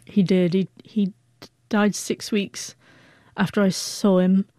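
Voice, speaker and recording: Warm-voiced woman who stutters. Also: mid-range voice, flat delivery, slow, no echo, studio quality. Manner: stutters, repeating and breaking off word starts; heartfelt, reflective. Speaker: guest. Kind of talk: personal storytelling.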